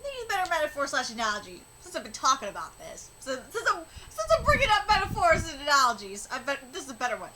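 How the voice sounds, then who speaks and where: A woman doing a live reaction while reading a manga aloud, excitable and swearing freely, breaking into squealing shouts. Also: high voice, fast, hardly any pauses, background noise.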